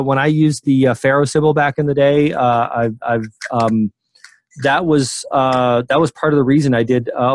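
A man's voice: medium pitch, darkish tone, no echo. A man in his sixties, a memory expert guest, talking casually in an interview with many fillers and restarts.

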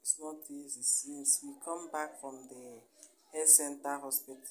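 A woman's voice: a bass voice, fairly even intonation, measured pace, a little hiss or hum, poor audio. A young woman with a Nigerian accent, chatting casually in a family vlog and repeating her phrases. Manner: chatty, repeats phrases, warm pleading sign-off. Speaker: family vlogger.

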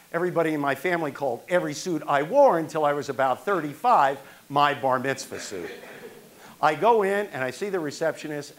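An older man from New York performing a one-man stage monologue, telling his own story and acting out the people in it. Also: fairly high pitch.

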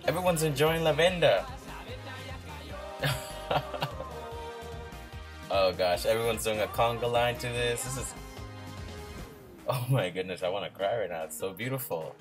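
A man hosting a reaction video, chatting casually and gushing with excitement as he watches. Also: fairly low pitch, moderate pace. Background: music playing from the video.

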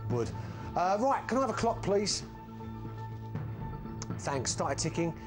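Brief: jokey male TV host, high-pitched, bantering over loud background music. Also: very animated, slow. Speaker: TV game show host. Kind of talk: live TV presenting over music.

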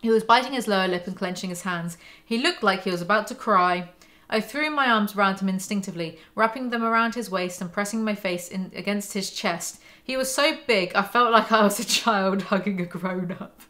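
Bright-voiced snarky woman reading. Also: mid-range voice, fairly quick. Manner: sarcastic, mocking asides between readings. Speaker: book commentary host. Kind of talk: snarky book breakdown, reading aloud.

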